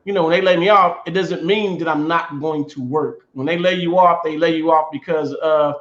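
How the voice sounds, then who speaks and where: An animated man from the US Midwest co-hosts a casual chat, retelling stories with restarts and laughs. His voice sits fairly high. The sound is roomy and slightly dull. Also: normal speed. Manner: animated storytelling, repeats himself, laughs. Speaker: podcast co-host.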